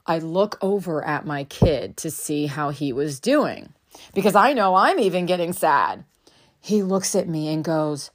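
A woman's voice: low voice, animated, measured pace. A woman in her thirties, a mother telling a parenting story in a candid, reflective way, swearing now and then. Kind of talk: casual storytelling monologue.

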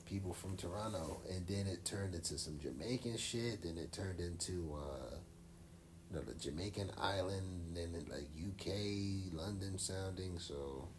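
A low-voiced man co-hosts a podcast, chatting casually in a laid-back, rambling way full of slang and fillers. Background noise can be heard.

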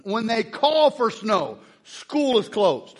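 High-voiced joking preacher man. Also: takes it slowly. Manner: joking, energetic, shouts to rouse the crowd. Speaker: pastor. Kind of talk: lively sermon to a congregation.

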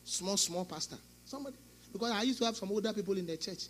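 Fast and expressive, this middle-aged pastor preaches in a high voice over slight background noise. His sermon lurches from loud bursts to softer asides, and he performs the quoted speech.

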